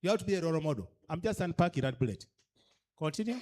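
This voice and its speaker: A man's voice: a little high, expressive, fast talker, darkish tone. A man with a Ugandan accent giving a training lecture to cultural leaders, emphatic and pressing them with repeated rhetorical questions, switching between English and a local language. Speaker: speaker at a cultural leaders' orientation.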